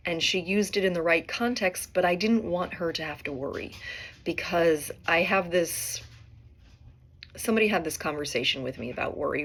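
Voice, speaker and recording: Middle-aged woman, podcast host, reflective rambling monologue, slightly low voice. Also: fairly bright tone. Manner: musing, rambling, often adds "right?".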